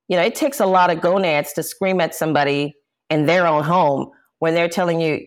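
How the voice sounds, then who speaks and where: A woman's voice: lowish voice, moderate pace. A woman, an interview guest, telling a painful personal story with intensity and indignation. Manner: intense, indignant, quotes herself forcefully. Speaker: interview guest, jazz singer. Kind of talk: emotional personal account.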